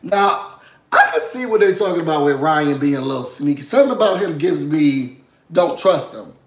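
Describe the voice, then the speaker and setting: A hoarse man with a slightly higher voice gives a chatty, sassy recap of a reality show, peppering it with asides to his viewers. His voice sounds worn from being under the weather. The sound bounces around a roomy space. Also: animated, moderate pace. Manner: chatty, sassy, asks "you know what I'm saying?". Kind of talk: casual recap commentary.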